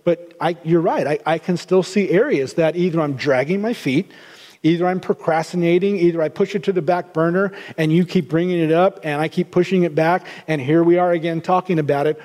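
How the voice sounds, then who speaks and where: Middle-aged male pastor, high and mellow, earnest sermon delivery with restarts; long hall reverb. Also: fairly quick. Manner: earnest, repeats words while restarting.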